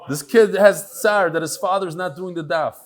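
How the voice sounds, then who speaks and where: A rabbi chatting casually with his live class, teasing people by name in an animated way. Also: sits high, moderate pace. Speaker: rabbi leading a daily study class. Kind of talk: casual banter with a live audience.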